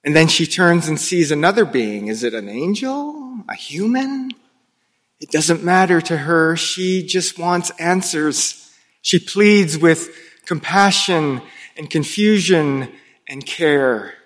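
Slow-preaching pastor in a reverberant hall. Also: male voice, a little high, animated. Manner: slow, dramatic storytelling with hushed pauses. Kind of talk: sermon. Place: church sanctuary. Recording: long reverb of a large hall.

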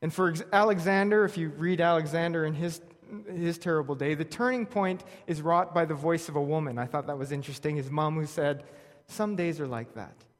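A man's voice: on the high side, a little fast. A man preaching a sermon, telling a scripture story with wry humor and reading verses aloud. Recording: long reverb of a large hall.

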